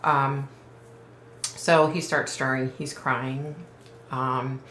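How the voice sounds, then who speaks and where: Low-voiced woman talking to viewers, lots of sighs and ums, bright tone, echoey room. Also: level tone, drawn-out words, a little hiss or hum. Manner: emotional, hesitant, many ums and sighs. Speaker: psychic medium vlogger. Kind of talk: casual retelling to viewers.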